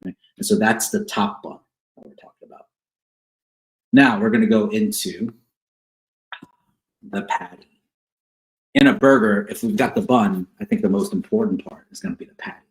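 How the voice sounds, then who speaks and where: Low-voiced counselor man in an echoey room. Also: moderate pace, long pauses. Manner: explanatory, repeats key words, asks "right?". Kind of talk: teaching on couples conflict.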